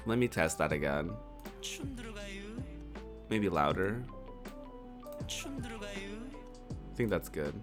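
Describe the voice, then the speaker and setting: A streamer in their twenties chatting casually to a live chat, playful and quick to laugh. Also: deep voice, wildly swooping pitch, music in the background. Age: 20s.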